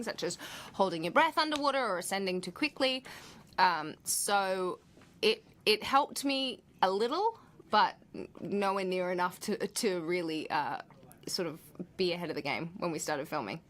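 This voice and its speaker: A woman's voice: on the low side, a bit bright. A woman actress chatting casually on a livestream, reading out viewer questions and answering them in a playful, laughing way. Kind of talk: live Q&A reading viewer comments.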